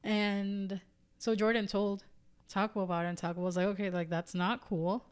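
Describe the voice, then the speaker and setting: A woman's voice: mid-range voice, flat delivery, normal speed, smooth. A woman co-hosting a podcast in casual chat, retelling scenes with quoted lines and casual swearing. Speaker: podcast co-host.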